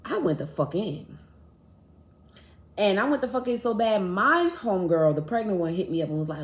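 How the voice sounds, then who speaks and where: A woman hosting a podcast, telling a personal story in a blunt, profane, animated way. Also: mid-range voice, normal speed, roomy sound. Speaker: podcast host. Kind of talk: casual storytelling.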